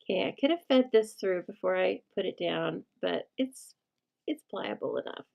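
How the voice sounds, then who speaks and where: A woman's voice: fairly low pitch, animated, moderate pace, gravelly, lo-fi sound. A middle-aged woman hosting a live card-making demonstration, chatty as she teaches step by step. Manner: chatty, teaching step by step, breaks off to talk to her dog. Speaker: host of live stamping show.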